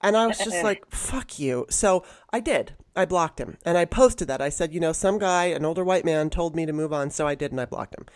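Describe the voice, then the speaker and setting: A woman's voice: on the low side, a little fast, few pauses. A woman co-hosting a podcast, talking bluntly and heatedly and swearing freely in casual chat. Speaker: podcast co-host.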